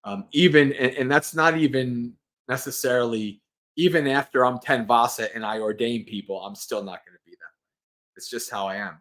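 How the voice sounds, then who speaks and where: A man's voice: medium pitch, moderate pace, a bit bright. A man who is a Buddhist monk, hosting a livestream and giving a casual Dharma talk, earnest and rambling, restarting his sentences and laughing lightly.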